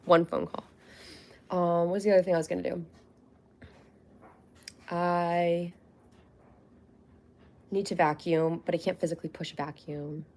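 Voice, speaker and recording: A woman's voice: fairly low pitch, little pitch movement, measured pace, pauses often, a little mellow, slight background noise. A young woman hosting a casual livestream, chatting in a rambling way with frequent fillers and laughs. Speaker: livestream host.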